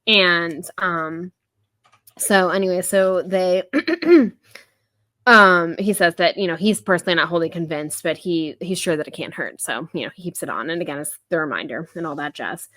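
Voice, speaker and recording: A woman in her thirties talks through a book chapter in a casual podcast chat. She is full of fillers and quick laughs. Her voice sits a bit low but bright and forceful, and it is recorded dry and close. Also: lively intonation, no echo. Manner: chatty, filler-heavy, laughs often, paraphrases scenes in quick voices. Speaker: podcast co-host.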